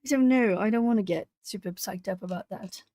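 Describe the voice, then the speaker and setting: A woman hosting a live art-channel stream, chatting casually with viewers and breaking into lively retold exchanges. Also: medium pitch, a little fast, no echo. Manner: chatty, talking to chat while colouring; animated when retelling stories. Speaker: YouTube art channel host. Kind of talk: casual livestream chat.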